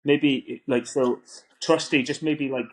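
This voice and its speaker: A young Scottish man co-hosting a live football podcast, speaking in a relaxed, agreeable way with short replies. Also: medium pitch, slow pace, soft background music. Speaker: podcast co-host. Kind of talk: casual football chat.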